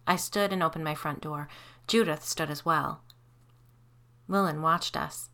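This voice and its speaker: A woman narrating a first-person supernatural story in a measured, even way. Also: low-pitched. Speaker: audiobook narrator.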